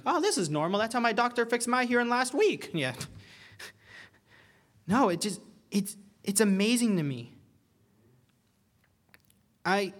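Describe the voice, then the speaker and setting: A young adult man preaching a sermon in an earnest, animated way, often repeating words as he gets excited. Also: on the high side.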